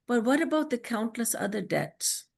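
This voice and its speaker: Over a video call, a woman who teaches spirituality delivers a devotional lecture in an earnest, storytelling way, slowing down whenever she recites scripture verses. Her voice sits a little high, swings widely in pitch, and has a creaky quality.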